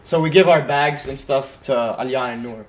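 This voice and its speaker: A man's voice: medium pitch, normal speed. Young man rambling through a story. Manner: rambling, lots of "like", quoting friends. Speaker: podcast co-host telling a story. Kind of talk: casual storytelling.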